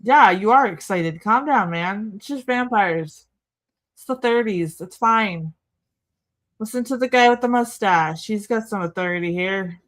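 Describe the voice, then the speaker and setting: A woman's voice: medium pitch, measured pace, fairly bright tone. A young woman hosting a livestream, casually joking through a movie watch-along and talking to her chat. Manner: chatty, joking asides to chat, frequent laughs. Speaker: livestream host.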